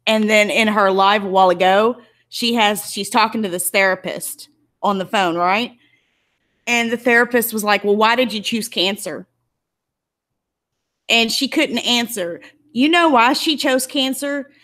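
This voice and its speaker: A woman vlogger talks straight to her viewers in an angry, emotional commentary. Her voice sits a little high and keeps a tearful, indignant edge, as if she is holding back crying. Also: normal speed, fairly bright tone. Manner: emotional, indignant, close to tears. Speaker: YouTuber.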